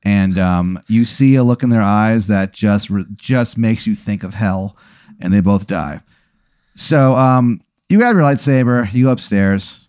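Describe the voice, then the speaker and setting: A young man narrating a tabletop-style story as game master, rambling and animated with many fillers. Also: fairly low pitch, measured pace, clean tone, dry recording, studio quality. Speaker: game master and podcast host.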